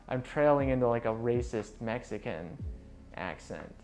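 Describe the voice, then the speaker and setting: A man talks in a loose, rambling way, mocking what he reads with dry sarcasm. His voice sits at an ordinary middle pitch. Quiet background music plays under his commentary. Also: animated, moderate pace. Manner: rambling, mocking, fillers and trailing asides. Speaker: video host reviewing books.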